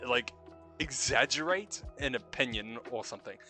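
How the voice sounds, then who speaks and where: A man's voice: medium pitch, lively intonation, moderate pace, sharp tone, faint music behind. A young man with a New Zealand accent, hosting a casual late-night stream chat, swearing freely, laughing often and musing about life. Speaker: stream host.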